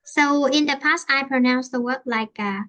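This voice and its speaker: Give me a high-voiced Vietnamese woman teaching English. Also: normal speed, a bit bright. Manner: explains with many fillers and restarts. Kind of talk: online English lesson, mixing Vietnamese and English.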